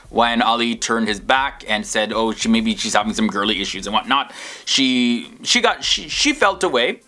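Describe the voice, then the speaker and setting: A man hosting a reaction video, talking through his thoughts in a relaxed, reflective way with lots of asides. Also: medium pitch. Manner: reflective, musing, frequent you knows. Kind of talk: casual commentary.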